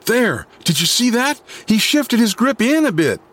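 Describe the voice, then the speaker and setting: A man's voice: extremely high pitch, big pitch swings, a little slow, fairly bright tone, a little hiss or hum, voice pushed up, full character voice. A man doing a furious, commanding young man. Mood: urgent. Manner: indignant, commanding outbursts. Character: fierce young man defending a dog.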